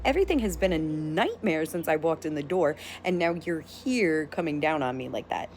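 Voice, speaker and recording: A woman vlogger telling a long story in a casual, animated rant. She is blunt and sometimes profane, with a slightly low voice. A faint hiss runs under the recording. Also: moderate pace.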